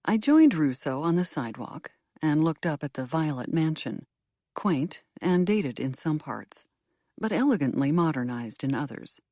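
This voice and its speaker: Woman, audiobook narrator, first-person mystery, low and lively voice, dry close recording. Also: moderate pace, dry recording.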